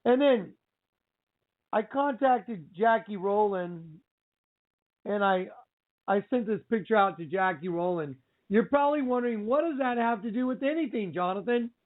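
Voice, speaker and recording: A man hosting a religious talk radio show, telling a story in an excitable, exclaiming way with lots of repeated phrases. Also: high voice, moderate pace. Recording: tinny phone-like line.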